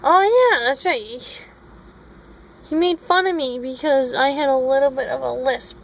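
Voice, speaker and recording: A Minnesota vlogger with a high voice speaks at a normal pace, spinning a long, rambling story that drifts onto tangents as she keeps correcting herself. The rough recording was made on a phone, and a faint hum sits beneath her words.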